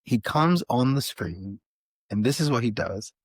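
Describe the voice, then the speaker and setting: A man, a podcast guest, telling an animated story in a casual interview, with frequent restarts. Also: medium pitch, a little slow, husky, dry recording. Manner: animated, many restarts and fillers. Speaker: podcast guest, author and filmmaker.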